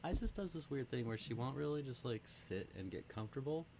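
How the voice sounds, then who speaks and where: A man co-hosting a casual livestreamed podcast from home, relaxed and agreeable, laughing along. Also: mid-range voice, a little fast, slight background noise. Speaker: podcast co-host. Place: home room during a livestream.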